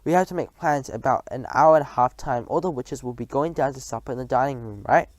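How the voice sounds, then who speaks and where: Man doing a proper old grandma, firm and calm, storybook voice, close dry mic. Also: mid-range voice, fast talker, dry recording, natural voice. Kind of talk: reading a storybook aloud.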